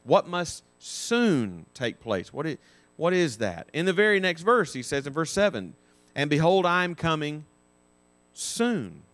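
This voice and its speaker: Male Sunday school teacher, slightly high voice, explanatory, stops and restarts often. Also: big pitch swings, a little slow, a bit bright. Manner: explanatory, cites verses, frequent restarts. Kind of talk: Bible class teaching.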